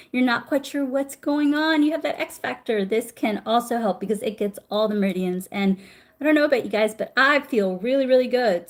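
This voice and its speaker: A middle-aged woman teaching acupressure on a live stream, chatty and warm, stopping to greet viewers. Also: a little high. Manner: warm, chatty, reads viewer comments aloud. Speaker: acupressure instructor. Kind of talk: live-streamed health lesson.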